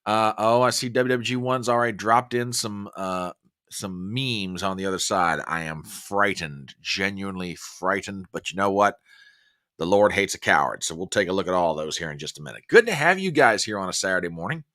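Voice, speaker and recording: A man's voice: lowish voice, animated, fairly quick, pushed and bright. A man hosting a casual live stream, chatting and joking and greeting viewers by name. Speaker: livestream host.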